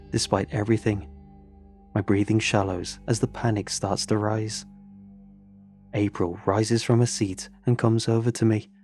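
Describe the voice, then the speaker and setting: A man with a low, mellow voice narrates a horror story in a steady, measured way. Soft music plays faintly under his words. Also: dry recording.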